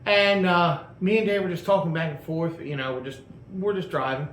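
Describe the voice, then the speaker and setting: Guy rambling thru a story w/ lots of uh's, kinda high voice, echoey room, faint hum behind. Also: fairly even intonation, moderate pace, a bit bright. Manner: rambling, lots of fillers and restarts. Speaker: host telling a car story. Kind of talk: casual storytelling.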